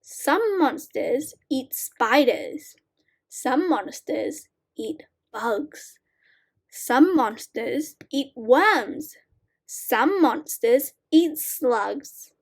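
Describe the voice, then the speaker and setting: High-voiced lady reading little kids' rhymes super slow and clear. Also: lively intonation. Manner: slow, clear, deliberate reading to young learners. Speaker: reading teacher. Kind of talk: slow read-aloud of children's sight word poems.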